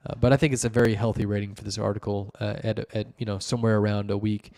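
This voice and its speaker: A man with a lowish voice talks through article reviews off the cuff. He rambles, stacks up fillers and restarts his sentences as he explains things at length. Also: flat delivery, quick pace, a little mellow. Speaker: host reviewing wiki articles. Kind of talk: casual solo commentary.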